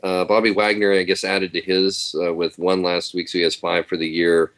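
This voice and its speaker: A man's voice: low voice, flat delivery, normal speed, a bit bright. A man on a fan podcast panel, steadily reading off sports stats with fillers. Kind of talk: casual chat.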